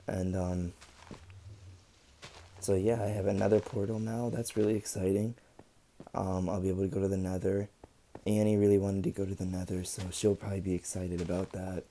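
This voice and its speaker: A young man talking casually over his gameplay footage, relaxed and rambling with lots of ums. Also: deep voice, a little hiss or hum. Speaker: gaming channel host.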